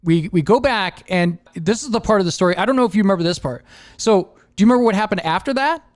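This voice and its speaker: A man in his forties hosting a podcast, telling rambling stories in a casual, animated way and laughing often. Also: high-pitched, fast talker, no echo. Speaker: podcast host. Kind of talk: casual storytelling chat.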